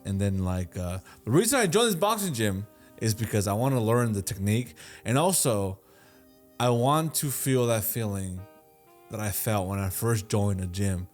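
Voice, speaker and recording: A man co-hosting a podcast, talking in a relaxed, rambling way with many restarts. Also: fairly low pitch, normal speed, soft background music. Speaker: podcast co-host. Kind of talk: casual chat.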